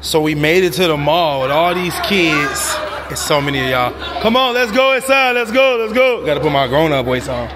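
A fairly high-voiced man hosts a family vlog, loud, joking and full of slang as he herds kids along. He is recorded inside a busy mall with crowd chatter and noise all around. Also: expressive, moderate pace, few pauses. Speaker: vlogger and dad. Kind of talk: casual vlog chat. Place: indoors, busy shopping mall. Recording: noisy crowded mall audio.

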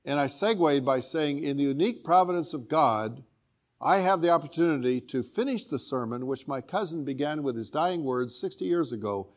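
Older man, sermon, earnest personal story, middle pitch, hushed at moving points. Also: lively intonation, brisk. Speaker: guest preacher.

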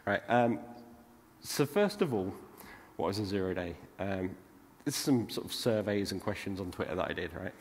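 A large conference hall adds long reverb to this British man's fairly low, dark-toned, expressive voice at a moderate pace. His talk is relaxed and chatty, and he keeps asking "right?" after his lines.

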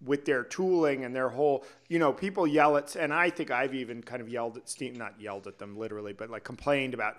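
A man's voice: mid-range voice, fast, few pauses. A man hosting a podcast, chatting casually and agreeably while building on his guest's points. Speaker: podcast host.

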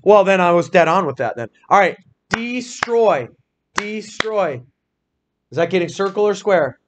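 A man's voice: high-pitched, expressive. Male teacher, classroom phonics lesson, patient and questioning, faint background noise. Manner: encouraging, questioning, spells words out slowly. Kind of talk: small-group phonics lesson.

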